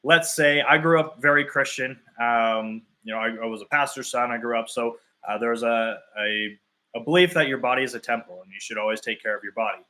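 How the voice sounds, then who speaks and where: Bright-voiced male fitness coach thinking aloud. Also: medium pitch. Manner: explains through drawn-out hypothetical examples; loose and conversational, thinking aloud. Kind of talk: live talk to clients.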